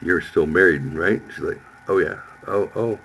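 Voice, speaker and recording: A man's voice: low-pitched, normal speed, vocal fry, a little hiss or hum, low-quality recording. A man in his fifties, a podcast host telling a profane story in casual chat, acting out the lines of the people in it. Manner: profane, animated storytelling with quoted voices.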